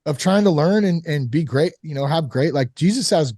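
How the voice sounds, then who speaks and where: A man casually telling a candid personal story about fatherhood and recovery, animated, full of "like" and "you know". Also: fairly high pitch, moderate pace, no echo, studio quality. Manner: candid, animated, acts out quoted voices; frequent fillers like "like" and "you know". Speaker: sober father on a recovery podcast.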